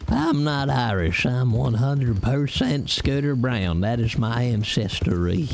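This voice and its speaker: A man voicing a slow-talking backwoods man raised on moonshine. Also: mid-range voice, big pitch swings, vocal fry, darkish tone, slight background noise, full character voice. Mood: boastful.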